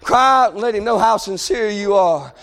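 A man preaching a sermon, impassioned, often shouting and crying out between conversational asides. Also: sits high, normal speed.

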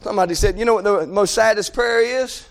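A male preacher delivering a fervent sermon, swinging from shouted pleas to low, quiet passages, in folksy, informal phrasing. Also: fairly quick.

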